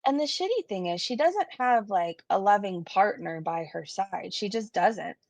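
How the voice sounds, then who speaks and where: A woman streamer talks in a loose, chatty way, reading out viewer comments and tossing in blunt asides. Her voice has a gravelly fry at mid pitch, and the sound is dry and close. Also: animated, normal speed, darkish tone, no room sound. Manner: chatty, reads viewer comments aloud, frequent swearing and laughs. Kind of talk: casual live-stream commentary.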